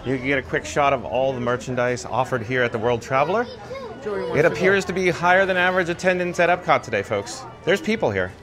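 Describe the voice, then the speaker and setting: A man's voice: medium pitch, lively intonation, fairly quick, music in the background. A man hosting a live-streamed walking tour outdoors in a theme park, chatting and reading viewer comments aloud, recorded on a handheld mic while walking.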